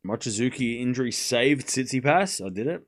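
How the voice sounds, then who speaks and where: A man hosts a live tennis watchalong stream, mixing play-by-play with casual chat with his viewers. His medium-pitched, expressive voice calls points in quick bursts, and he often stumbles over player names.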